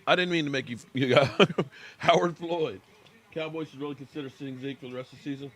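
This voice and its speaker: A man's voice: medium pitch, quick pace, fairly bright tone. An American man hosting a casual live sports reaction stream, chatting with viewers by name and talking while he eats.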